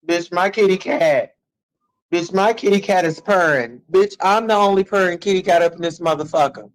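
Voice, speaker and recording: A man's voice: sits high, moderate pace, low-quality recording. A man ranting at commenters on a live stream, brash and sassy, swearing a lot and drawing his taunts out in a sing-song.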